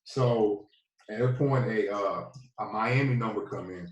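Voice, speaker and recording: A man in his thirties with a Southern US accent, telling his story in a relaxed, rambling way as a podcast guest. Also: lowish voice, unhurried, highs cut off. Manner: laid-back, rambling, many fillers. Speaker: podcast guest, former football player. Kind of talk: casual storytelling interview. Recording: echoey, a bit distant from the mic.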